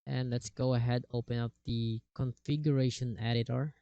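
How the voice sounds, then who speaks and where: Male tutorial narrator, flat and unhurried, dry close sound, step-by-step instructions. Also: mid-range voice, creaky, dry recording, muffled recording. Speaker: tutorial creator. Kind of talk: software tutorial walkthrough. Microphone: cheap desktop microphone.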